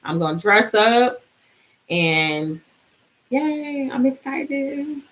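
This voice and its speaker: Woman, live-stream host, sleepy and bubbly, slow talker with a slightly high voice. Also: very animated, a bit bright, low-quality recording. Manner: chatty, bubbly, sings out little cheers. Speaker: vlogger hosting a live stream. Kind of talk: casual live-stream chat.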